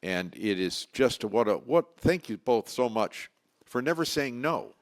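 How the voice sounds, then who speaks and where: A man hosting a recovery talk show with an ordinary mid-pitched voice. He rambles, backtracks and trips over names as he talks to viewers. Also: animated, a little slow. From Florida. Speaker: host.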